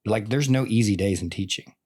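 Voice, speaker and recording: Veteran teacher, male, forties, low-pitched, earnest and rambling in relaxed conversation. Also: brisk. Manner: earnest, rambling, full of "like" and "I mean". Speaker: teacher and podcast guest. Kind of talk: casual conversation.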